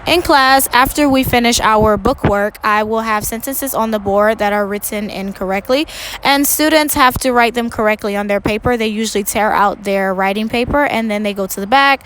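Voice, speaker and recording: A woman teaching first grade, giving a recorded lesson for parents and students in a slow, clear and instructive way, stressing words for young pupils. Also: on the high side, fairly bright tone, a little hiss or hum, poor audio.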